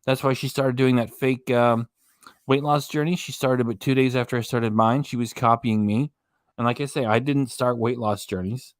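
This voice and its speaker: A man's voice: mid-range voice, dry recording, studio quality. A man hosting a reaction channel, giving rambling, mocking casual commentary on a clip. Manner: mocking, rambling, loses his train of thought.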